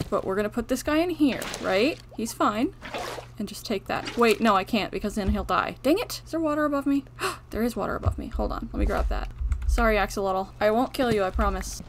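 A woman's voice: a little high, expressive, a little fast, a little hiss or hum. A young woman talking viewers through her survival game in a chatty, self-deprecating way, tired from little sleep. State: sleep-deprived. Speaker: gaming channel host. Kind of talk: casual let's-play commentary.

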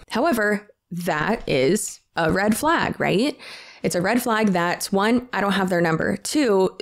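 A young woman in her twenties talking to camera as an online creator, telling stories in a casual, animated, jokey way. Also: medium pitch. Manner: animated, jokey, reads out texts in a sarcastic voice.

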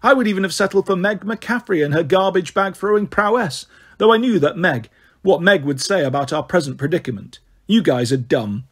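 High, husky male audiobook narrator. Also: lively intonation, a little fast, fairly bright tone.

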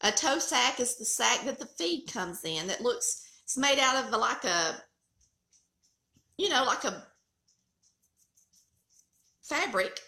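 Southern middle-aged woman, high lively voice, folksy storyteller, bright tone in an echoey kitchen. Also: takes it slowly, creaky, pauses often. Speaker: cooking channel host. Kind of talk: casual storytelling chat.

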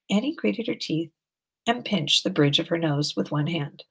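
A woman narrating an audiobook in a plain, steady storytelling manner. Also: on the low side, normal speed, gravelly, breathy edge. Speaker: audiobook reader.

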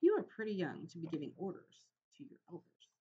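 A cautious, grumbling old uncle mouse who lectures the youngsters, as a woman reader puts him on. He talks in a gruff, pointed way. The sound is a little dull. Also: fairly low pitch, very animated, brisk, mellow, exaggerated voice.

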